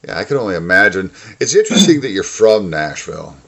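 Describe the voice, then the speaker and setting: A man's voice: deep voice, big pitch swings, fast talker, vocal fry, a bit bright. A man with no regional accent, hosting a podcast in casual chat, blunt and joking, laughing at his own jabs.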